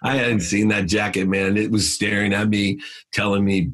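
Deep husky man telling a motivational story. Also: flat delivery, moderate pace, a bit bright. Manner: emphatic, preachy storytelling with motivational slogans. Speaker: guest. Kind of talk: personal story and advice in a podcast interview.

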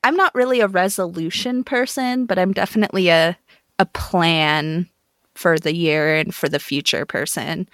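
A young woman from New Mexico co-hosting a podcast in casual chat, relaxed and candid with light laughs. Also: on the low side, normal speed, no echo, clean studio sound. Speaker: podcast co-host.

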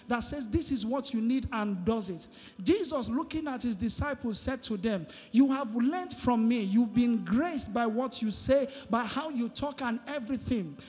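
In a large church hall, a male pastor with a very high, slightly mellow voice preaches into a handheld mic. He's emphatic and gets the congregation responding, while long reverb and faint music fill the recording.

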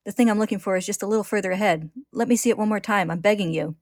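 A woman's voice: fairly low pitch, fairly even intonation, fairly quick, no room sound, clean studio sound. A woman voicing a desperate teenage boy alchemist, talking in an urgent, pleading way.

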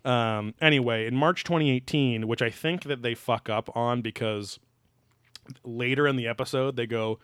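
A man's voice: medium pitch, steady tone, moderate pace, fairly bright tone, smooth, no echo. A young man co-hosting a podcast in casual, profane chat, rambling and sarcastic as he picks apart a TV episode. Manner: rambling, sarcastic, swears a lot. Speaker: podcast co-host.

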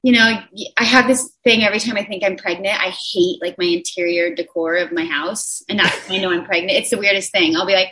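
A woman's voice: medium pitch, fairly even intonation, fast, hardly any pauses, bright, forceful tone. A woman in her thirties, a stage actress, chatting as a guest and acting out the voices in her stories. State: sleep-deprived. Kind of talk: casual chat.

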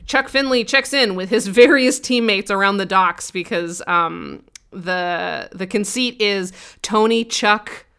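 A woman co-hosting a podcast, casually recapping a TV episode with quick, wry, profane commentary and mock voices for the characters. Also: medium pitch, pushed and bright, clean tone. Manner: quick, wry and profane, acting out lines from the show in a mocking voice.

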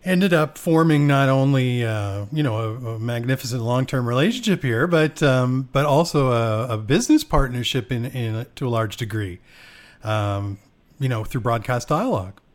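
Guy interviewer, medium voice, calm prepared questions. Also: medium pitch. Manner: measured, prepared questions with brief reactions.

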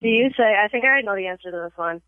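A woman's voice: mid-range voice, racing, no echo. A woman in casual chat, quizzing her friend and giving short verdicts between giggles. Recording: tinny phone-line call.

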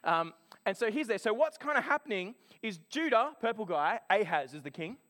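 A man preaching a sermon, telling a personal story in an animated, chatty way. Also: high voice, moderate pace.

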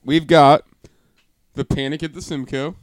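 A man's voice: fairly high pitch, fairly even intonation, unhurried, dry recording. A man co-hosting a casual beer-tasting podcast, joking and laughing often while reading beer labels aloud. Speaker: podcast co-host.

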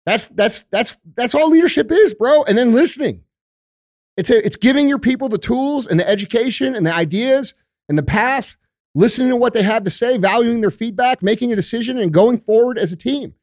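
A man's voice: very high-pitched, a little fast, darkish tone, no room sound, studio quality. A man on a podcast talking about leadership in an intense, fiery way, swearing often and calling people bro and dude. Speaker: podcast guest. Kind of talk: casual podcast interview.

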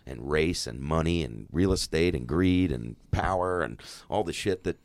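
Deep-voiced man telling profane stories. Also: normal speed, gravelly, no echo, studio quality. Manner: swears freely, animated retelling with quoted dialogue. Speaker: actor guest. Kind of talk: casual interview storytelling.

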